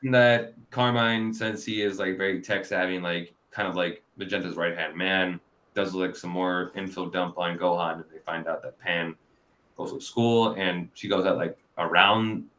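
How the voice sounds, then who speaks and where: Rambling low-voiced man reviewing a film. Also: steady tone, normal speed, fairly bright tone. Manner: rambling, many fillers, laughs often. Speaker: podcast host. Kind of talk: casual review chat.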